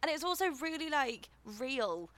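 A woman co-hosting a chatty podcast, eager and quick to react. Her voice is high and bright, swinging widely in pitch, recorded dry and close. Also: sing-song, no echo. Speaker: podcast co-host. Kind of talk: casual chat.

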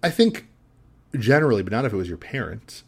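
A man's voice: fairly low pitch, big pitch swings, fairly quick, vocal fry, breathy edge. A man co-hosting a podcast, recapping a film in casual chat, rambling with lots of fillers and easy laughs. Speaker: podcast co-host.

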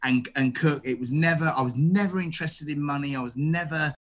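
A middle-aged man, a chef, telling stories in a casual interview, animated and full of restarts. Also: a little high, fairly quick. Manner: animated, acts out quoted dialogue, frequent restarts. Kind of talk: casual storytelling.

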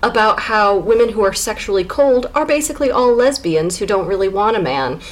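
A woman's voice: medium pitch, animated, fairly quick. A woman co-hosting a podcast, sarcastically recapping a novel in casual chat and laughing often. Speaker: podcast co-host.

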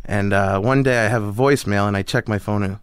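A man's voice: on the low side, fairly quick, clean tone, no room sound, clean studio sound. A young man, a comedian guest, telling stories in a casual interview and acting out the voices of the people he quotes. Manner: animated storyteller who acts out quoted voices. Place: host's garage studio.

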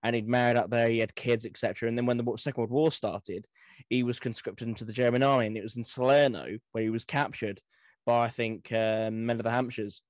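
A man co-hosting a history podcast, telling anecdotes in a relaxed, filler-laden way. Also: mid-range voice, a little fast, no echo. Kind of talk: casual conversation.

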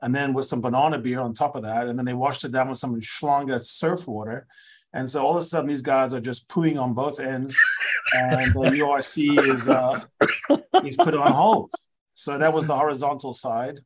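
A man's voice: mid-range voice, fairly even intonation, normal speed, crowd noise. A man co-hosting a rugby podcast, chatting casually and spinning playful, jokey stories. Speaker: podcast co-host, rugby expert.

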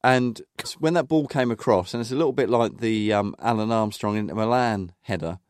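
A man's voice: fairly low pitch, brisk, no echo, studio quality. A man co-hosting a casual football podcast, reminiscing in a rambling way with plenty of fillers. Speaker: podcast co-host.

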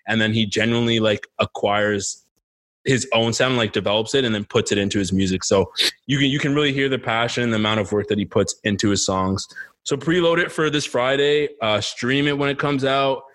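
A young man co-hosting a podcast, talking in a relaxed way with lots of "like" and fillers. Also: fairly low pitch. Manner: relaxed, filler-heavy, says "like" a lot. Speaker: podcast co-host. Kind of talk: casual chat.

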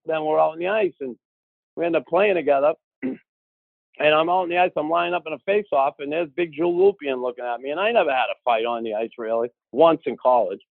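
A man telling a long casual anecdote, lively and acting out the voices of the people he quotes. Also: a little high, fairly quick, creaky, dry recording. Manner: animated, acts out quoted voices. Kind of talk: casual storytelling. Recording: tinny phone-like audio.

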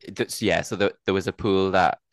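A man's voice: low-pitched, fairly even intonation, brisk, no room sound. A man co-hosting a podcast, telling stories in casual chat and laughing often. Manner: chatty storytelling, laughs often. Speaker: podcast co-host.

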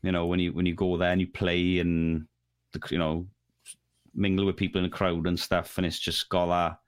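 A man's voice: low-pitched, little pitch movement, moderate pace, smooth, no room sound, clean studio sound. A man, a musician guest, chatting easily about gigs and festivals. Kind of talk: casual chat.

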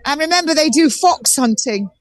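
Touring an outdoor market on a phone call, a woman from southern England chats animatedly as a guest on a live call-in show. Her voice sits high with lively intonation at a moderate pace, she restarts a lot, and there's no echo.

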